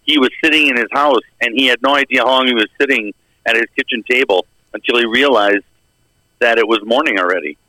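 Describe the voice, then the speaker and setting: A middle-aged podcast co-host with a mid-range, bright and forceful voice tells a long story at a quick pace, rambling casually and acting out the quoted lines of the people involved. The low-quality recording has no echo.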